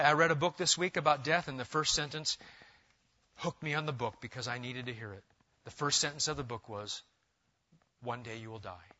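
A man preaching an expository sermon as a pastor, swinging between loud urging and quiet intensity. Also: medium pitch, normal speed, muffled recording.

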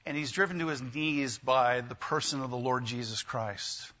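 On a muffled recording, a pastor with a medium-pitched, sharp-toned voice preaches at a moderate pace. His sermon is conversational, and he often asks the congregation questions.

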